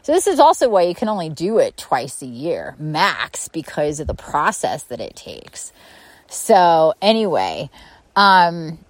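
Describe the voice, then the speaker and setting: A woman's voice: big pitch swings, unhurried, dry recording, low-quality recording. Blunt, laughing spiritual coach woman. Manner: candid and blunt, swears and laughs often; mimics people in a high mocking voice. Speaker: spiritual coach and podcast host. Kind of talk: impromptu solo podcast monologue. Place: outdoors by a pond at her home.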